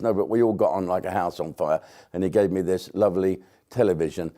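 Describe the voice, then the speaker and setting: A British comedian talking in a rambling, blunt monologue to camera, with sarcastic asides and swearing. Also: male voice, sits low, fairly quick, mellow. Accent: British English. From Britain.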